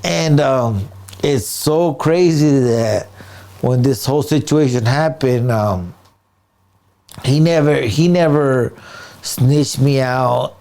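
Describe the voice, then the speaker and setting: Male comedian, loose interview storytelling, slangy, acts out sounds, mid pitch. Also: slow pace. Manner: animated, street slang, sound effects, frequent "right?" and "dude"; many restarts and fillers.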